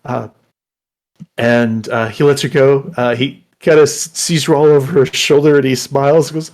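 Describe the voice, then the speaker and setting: A man narrating as game master, halting with many fillers and restarts. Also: medium pitch, steady tone, a little mellow.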